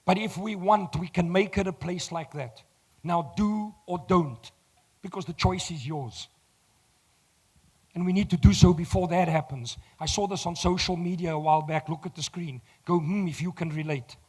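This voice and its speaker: A South African man with a croaky voice giving a motivational talk to a live audience. He speaks directly to the crowd, teases them, and swells loud when he makes a point. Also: sits high, moderate pace.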